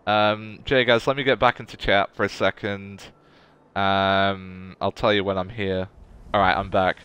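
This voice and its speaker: A man's voice: on the low side, level tone, a little slow, a bit bright, clear, resonant tone, dry recording, highs cut off. A man streaming a game live, chatting casually and gushing emotionally to his viewers.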